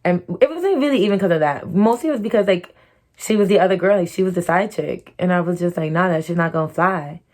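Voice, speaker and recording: A woman's voice: mid-range voice, expressive, fast, mellow. A young woman vlogger telling a frank, chatty storytime while getting ready, swearing freely and saying "like" a lot.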